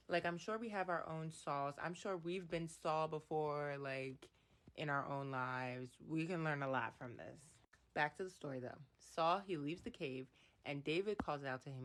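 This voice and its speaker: Low-voiced woman explaining scripture. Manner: expressive, reacts loudly, reads verses aloud. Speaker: Bible study vlogger. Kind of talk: casual Bible commentary.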